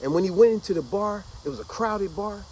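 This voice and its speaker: A man's voice: high-pitched, fairly quick, a little mellow, slight background noise, low-quality recording. A man casually and animatedly retelling a story to his listeners, speaking conversationally.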